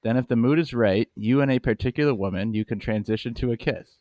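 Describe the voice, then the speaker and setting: A man's voice: mid-range voice, fast, darkish tone, no room sound. A man co-hosting a comedy snack podcast, reading articles aloud and laughing often. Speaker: podcast co-host. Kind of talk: casual comedic chat.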